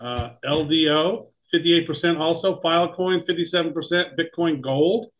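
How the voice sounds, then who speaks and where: Man, playful co-host, slightly raised pitch, rambling delivery. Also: moderate pace, fairly bright tone. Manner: playful, rambling, self-mocking. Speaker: podcast co-host. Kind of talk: casual podcast banter.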